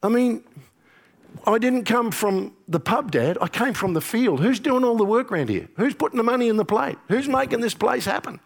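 A man voicing an indignant, resentful older brother, complaining loudly in a raised voice. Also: high-pitched, expressive, fast talker, gravelly, few pauses, pitched above the performer's own voice, heavily acted.

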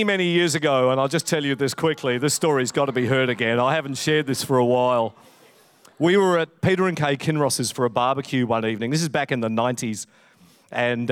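A man preaching a conversational sermon, telling humorous stories in an animated, chatty way. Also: mid-range voice, clear, resonant tone, dry recording. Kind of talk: sermon with storytelling.

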